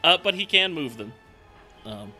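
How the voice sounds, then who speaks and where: A man's voice: on the high side, unhurried, soft background music. A man playing in a tabletop game, casually describing what his character does. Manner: relaxed, explains his character's actions. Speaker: player.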